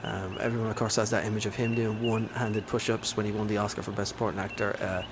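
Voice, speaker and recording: A man's voice: on the low side, level tone, fast, background noise. A man hosting a casual movie chat, enthusiastic and rambling with lots of fillers.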